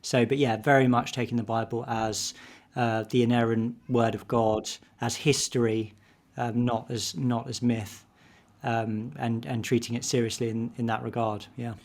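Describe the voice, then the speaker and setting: A man's voice: mid-range voice, little pitch movement, moderate pace, darkish tone. A man who is a vicar, speaking as a podcast guest in a casual, hesitant way, with repeated words as he finds his thoughts.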